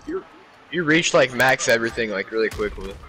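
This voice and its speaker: A man's voice: mid-range voice, expressive, a little fast, sharp tone, slight background noise. A young man in casual gaming voice chat, grumbling about the game to his teammates.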